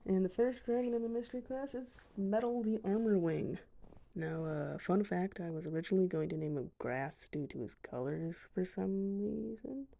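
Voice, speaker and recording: Dark-toned young woman narrating gameplay. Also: medium pitch, normal speed, vocal fry. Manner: chatty, self-deprecating asides. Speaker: gamer showing her dragons. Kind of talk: casual voice-over narration.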